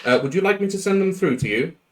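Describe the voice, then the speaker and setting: Man putting on a keen young-sounding agent, high voice, lively delivery, tabletop role-play. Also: fast talker. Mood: obliging. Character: eager male agent assistant at a desk.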